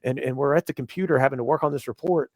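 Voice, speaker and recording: A man from the United States with a voice of ordinary pitch talks as a podcast guest. He trains police officers and explains his ideas earnestly and at a measured pace. The recording is close and dry. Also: darkish tone, no room sound. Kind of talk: casual podcast interview.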